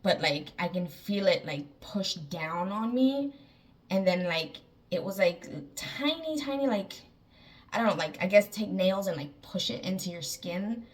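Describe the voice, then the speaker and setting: An artist with a lowish voice casually retells a frightening dream at a measured pace, a little away from the mic, so it sounds distant. Her storytelling rambles, heavy with fillers, repeated phrases and lots of "like."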